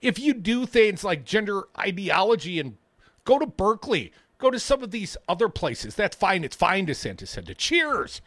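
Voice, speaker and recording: A man putting on a whiny impression of a male politician, halting and complaining. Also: sits high, very animated, fairly bright tone, no room sound, exaggerated voice.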